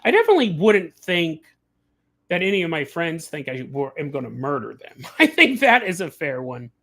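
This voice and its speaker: A man hosting a casual livestream, telling animated stories, acting out the people he quotes and laughing often. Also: fairly high pitch, normal speed. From California. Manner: laughs often mid-sentence. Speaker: podcast host.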